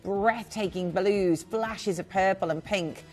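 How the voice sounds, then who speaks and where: A woman presenting live jewellery sales on a shopping channel, chatty and gushing with quick asides. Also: mid-range voice, a little mellow, faint music behind.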